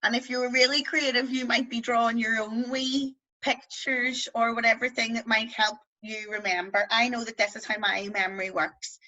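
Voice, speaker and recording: A woman's voice: on the high side, fairly even intonation, moderate pace, hardly any pauses, sharp tone, rough recording. A woman with a West Belfast accent teaching a beginners' language class over a video call, chatty and playful, drawing out vowel sounds to demonstrate them. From Northern Ireland.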